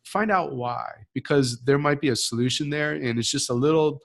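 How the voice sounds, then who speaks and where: A man's voice: a little high, normal speed, gravelly. A man cohosting a live leadership Q&A, giving upbeat, motivational advice in numbered points. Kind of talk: live Q&A conversation.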